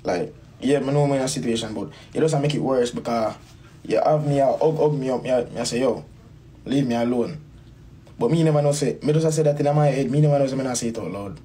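A man's voice: mid-range voice, fast, dark tone, slightly rough. A man with a Jamaican accent telling a personal story in a rambling, casual way, repeating phrases and calling the listener "bro". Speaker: dancehall artist.

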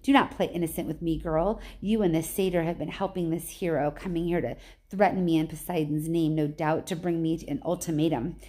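A woman's voice: low-pitched, fairly even intonation, brisk, mellow. Woman reading as scornful underworld god Hades. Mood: threatening. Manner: scornful, grumbling. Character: proud male god of the underworld, imperious.

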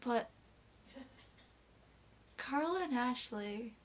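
A woman's voice: on the high side, animated, extremely slow. A young woman vlogging casually about her best friends, getting emotional, hesitant and giggly as she talks.

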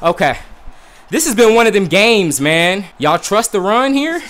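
A young man giving excited live commentary on a football video game, bursting into shouts with friends in the room. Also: high voice, a little slow. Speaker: gameplay commentator. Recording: loud music over the voice.

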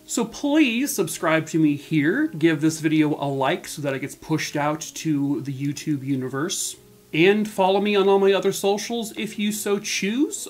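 A man hosting his own channel, chatting casually and quickly through a video outro with a self-mocking tone. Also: fairly high pitch. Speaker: true crime channel host.

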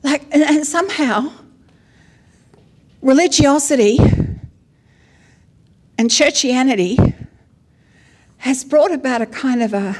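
Woman, middle-aged, sermon, chatty storytelling, fairly high voice. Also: slow, pauses often. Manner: lively, conversational storytelling with acted asides. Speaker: apostle and preacher.

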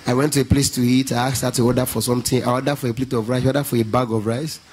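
A man with a Nigerian accent doing a lively stand-up routine at a church event, telling stories in pidgin and breaking into gospel song. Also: medium pitch, racing, a little hiss or hum. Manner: animated storytelling, mixing pidgin, bursting into gospel song. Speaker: stand-up comedian.

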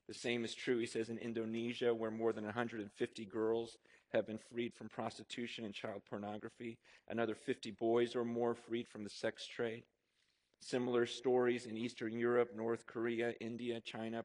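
A man preaching a sermon to his congregation, telling personal stories in an animated, conversational way with frequent asides. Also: lowish voice. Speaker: pastor. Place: church auditorium before a congregation.

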